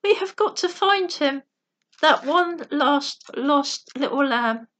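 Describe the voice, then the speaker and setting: A woman's voice: high-pitched, expressive, takes it slowly, a bit bright, heavily acted. A woman reading a determined little shepherd girl's lines in an earnest, insistent way.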